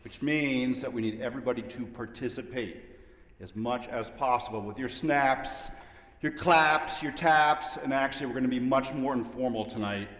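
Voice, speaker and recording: A man's voice: mid-range voice, fairly bright tone. Man leading a service: joking, chatty welcome, recorded in a reverberant hall. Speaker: service leader. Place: large sanctuary. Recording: echoey hall with long reverb.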